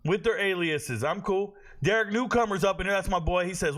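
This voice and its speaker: A man in his forties hosts a live stream, talking straight to his chat viewers. His voice sits a touch high and bright, pushed out with real force. He jokes loudly and spins stories in relaxed slang. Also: brisk. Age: 40s. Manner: loud, joking, slangy storyteller.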